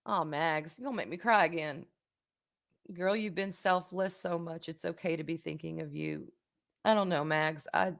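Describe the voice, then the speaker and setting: A woman's voice: on the low side, a bit bright. A middle-aged woman hosts a casual livestream and answers viewer comments. She talks in a frank, emotional way and swears without a second thought. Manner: frank, emotional, swears freely, says y'all. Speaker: livestream host.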